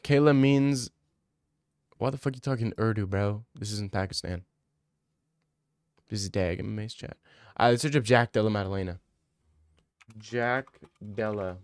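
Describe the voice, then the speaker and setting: A man's voice: lowish voice, unhurried, long pauses, clear, resonant tone, no room sound, clean studio sound. A young man streaming casually, answering viewer messages in a crude, rambling, joking way.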